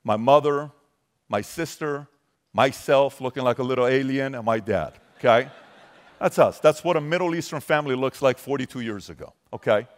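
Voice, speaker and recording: Casting note: man, 40s, from Iran, punchy motivational speaker working a crowd, moves from loud to soft and intimate. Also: mid-range voice, normal speed. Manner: energetic, emphatic, questions the audience directly. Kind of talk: motivational talk to a live audience.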